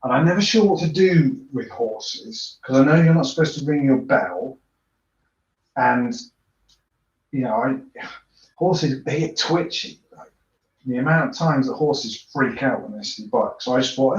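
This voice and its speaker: A British YouTuber's mid-range voice, lively in intonation and measured in pace with frequent pauses, comes through a roomy, dull recording of his live tinkering stream. He chats loosely with viewers, answering their comments and joking at his own expense.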